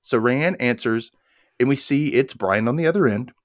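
A man co-hosting a podcast gives a casual, scene-by-scene recap of a TV episode, retelling it animatedly and briefly slipping into characters' lines. He has a medium-pitched voice at normal speed, with clean studio sound and no room sound.

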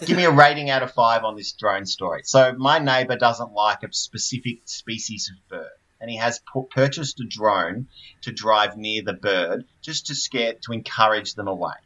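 A man's voice: on the low side, normal speed, pushed and bright, dull audio. A man hosting a casual group chat, rambling with fillers.

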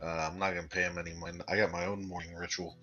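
A man with a low voice and a sharp, tense edge, describing his character's routine in a tabletop game. He sounds matter-of-fact, and his dull lo-fi mic muffles the sound. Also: level tone, racing, breathy edge. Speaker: player. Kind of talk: tabletop role-play chat.

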